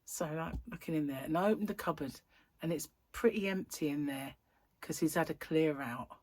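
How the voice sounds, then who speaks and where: A middle-aged woman with a husky voice, hosting a rambling, casual chat and telling anecdotes with frequent laughs. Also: low voice, normal speed, darkish tone. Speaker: host.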